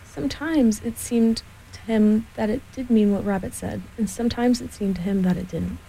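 A woman reads a children's storybook aloud in a gentle, steady manner. Her voice is mellow and dark, with a gravelly, husky grain. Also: on the high side, moderate pace, poor audio.

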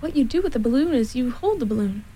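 An eager, good-natured bear from a children's storybook, voiced by a woman reading aloud. He sounds excited and sincere, in a warm, breathy tone. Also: fairly high pitch, quick pace, rough recording. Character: cheerful simple male bear, eager.

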